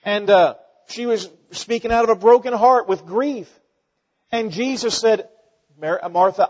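High-voiced preacher in an echoing hall. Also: male voice, unhurried. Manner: earnest preaching with frequent fillers and restarts. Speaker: pastor. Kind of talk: sermon. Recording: dull sound with long hall reverb.

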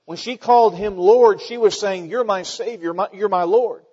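A man preaching a sermon as pastor, earnest and halting, with many fillers and restarts. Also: high voice, darkish tone, slightly rough. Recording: dull sound with long hall reverb.

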